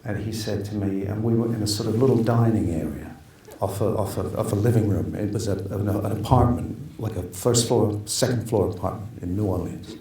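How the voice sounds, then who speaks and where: A man's voice: fairly low pitch, a little fast, few pauses, mellow. A man in his fifties telling stories in a casual interview, rambling with many restarts and acting out what others said. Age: 50s. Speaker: actor being interviewed. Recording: roomy echo, distant mic, faint noise.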